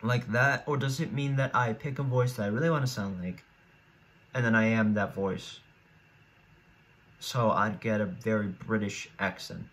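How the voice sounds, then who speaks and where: Weighing every option out loud, a teen YouTuber gives loose solo commentary full of restarts. His voice is fairly low and a bit bright, with fairly even intonation and a moderate pace.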